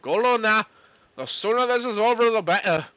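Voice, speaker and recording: A man's voice: high voice, normal speed, bright, forceful tone, dry recording, pitched above the performer's own voice. A man doing a stern lecturing father, raised voice. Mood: brusque. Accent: mock Welsh. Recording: dull lo-fi.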